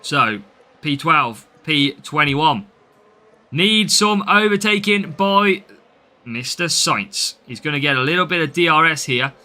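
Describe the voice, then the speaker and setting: A man's voice: fairly high pitch, expressive, measured pace, pushed and bright. A man from the English Midlands with a Midlands accent, chatting through a live game stream and answering viewers' comments as he plays.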